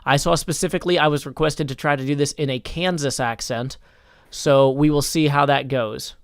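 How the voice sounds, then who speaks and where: A man hosting a livestream, speaking in a measured, mock-formal way, like a judge holding court. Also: a little high, steady tone, dry recording, clean studio sound. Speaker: streamer hosting a game server. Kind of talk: casual livestream chat.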